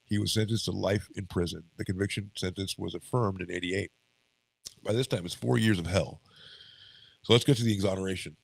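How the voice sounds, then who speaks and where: A man's voice: deep voice, fairly even intonation, brisk, vocal fry, no echo, poor audio. A man with a stuffy nose co-hosting a casual podcast, reading case notes aloud, tripping over words and breaking off to chat. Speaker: podcast co-host.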